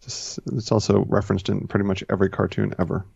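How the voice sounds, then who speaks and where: Low gravelly man in casual chat. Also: flat delivery, fast, darkish tone, dry recording. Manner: rambling, self-correcting, retells scenes with quoted voices. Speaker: podcast co-host. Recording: dull, lo-fi dry recording.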